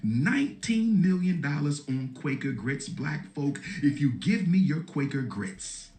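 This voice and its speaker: A man's voice: fairly high pitch, expressive, unhurried, few pauses, darkish tone, echoey room, soft background music. A man giving an impassioned public speech, pleading and repeating his appeal over and over. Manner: repetitive, pleading exhortation. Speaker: speaker in a played clip.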